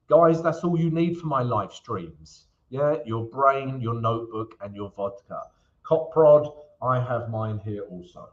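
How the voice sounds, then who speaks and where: A man's voice: mid-range voice, unhurried, dull audio. Chatty English man hosting a trading stream. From England. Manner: chatty, greets viewers by name, jokes between chart talk. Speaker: forex trading stream host. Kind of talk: live-stream Q&A and chart analysis.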